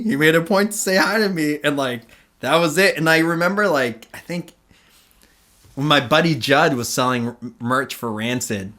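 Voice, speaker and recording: A man's voice: on the high side, pushed and bright. A man hosting a podcast, telling a long casual story full of fillers and acted-out quotes. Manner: rambling, many fillers, acts out quotes. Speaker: podcast host.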